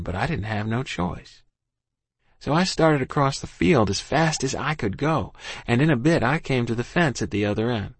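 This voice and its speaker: A man's voice: mid-range voice, no echo. A man reading a first-person story aloud as an audiobook, in a folksy, plain-spoken rural dialect. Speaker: audiobook narrator.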